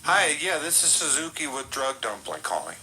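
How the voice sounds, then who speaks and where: A man making a prank phone call in a deadpan, mock-official telemarketer tone. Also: mid-range voice, normal speed, slight background noise. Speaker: prank caller.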